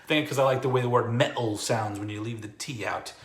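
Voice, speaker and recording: A man's voice: medium pitch, fast talker, echoey room. A man hosting a music show, signing off in a loose, rambling way with many fillers. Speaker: host of a music video show. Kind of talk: casual livestream sign-off.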